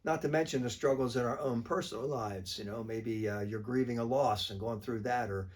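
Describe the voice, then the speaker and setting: A man's voice: medium pitch, a little fast. A man, a priest, giving a short weekly reflection in a conversational, plain-spoken way.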